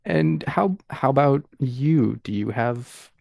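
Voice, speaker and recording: A man plays a wary, polite young woman in a tabletop role-play, speaking slowly with a gravelly edge. Dry and hesitant, the voice is recorded close with no room sound. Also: medium pitch, lively intonation, darkish tone, no echo, exaggerated voice.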